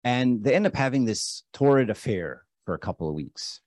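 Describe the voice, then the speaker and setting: A man's voice: medium pitch, expressive, moderate pace, darkish tone, no echo. A man preaching a casual, conversational sermon, often asking his listeners questions. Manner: conversational, asks the audience questions.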